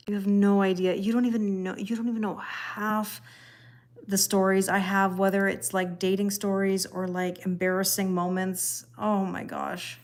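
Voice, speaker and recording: A woman's voice: mid-range voice, darkish tone. A woman reading tarot live and chatting with viewers in a rambling way, laughing often. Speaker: tarot reader. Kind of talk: live-stream chat reading viewer comments.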